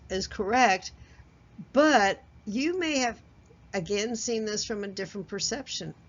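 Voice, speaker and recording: A woman teaches a workplace communication course in a relaxed, conversational lecture. She poses questions to the listener and chuckles at her own examples. The recording is a little dull and lo-fi. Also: medium pitch. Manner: chuckles at herself, loose fillers and restarts. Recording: slightly dull lo-fi audio.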